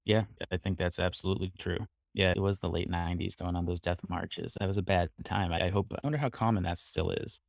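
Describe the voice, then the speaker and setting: A man speaking as a guest CTO in a panel discussion, measured and reflective. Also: low voice, fairly even intonation, vocal fry, dry recording, studio quality.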